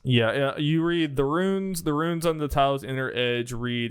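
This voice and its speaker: A man's voice: medium pitch, moderate pace, few pauses, clean tone, dry recording. A man narrating as dungeon master, describing scenes with lots of fillers and restarts. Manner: rambling, filler-heavy description. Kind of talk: narrating a tabletop game.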